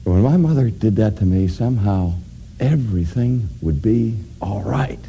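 A man preaching a sermon, addressing his congregation directly and building to loud, emphatic climaxes. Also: on the low side, lively intonation, moderate pace, slight background noise. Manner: addresses audience directly with questions.

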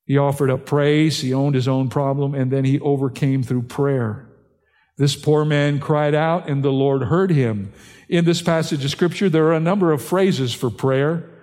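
An older man, a pastor, preaching an earnest sermon that climbs in pitch and force on key points. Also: normal speed, a little mellow, long reverb tail.

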